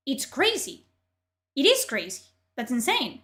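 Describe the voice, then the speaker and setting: A woman streamer ranting in profane, exasperated commentary, her voice strained from yelling. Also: sits high, expressive, normal speed.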